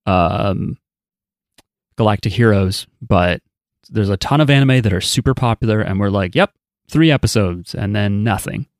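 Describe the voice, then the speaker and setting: A man with a fairly low voice hosts a casual chat podcast, cracking dry jokes at an easy clip. He is recorded close and dry, with almost no room sound. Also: normal speed, no room sound. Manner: dry, joking delivery. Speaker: podcast host.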